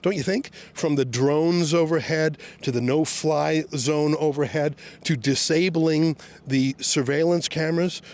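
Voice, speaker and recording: A man reporting on location outdoors, sarcastically shouting questions at police officers. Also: on the high side, fairly even intonation, measured pace, hardly any pauses. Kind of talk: on-the-scene questioning.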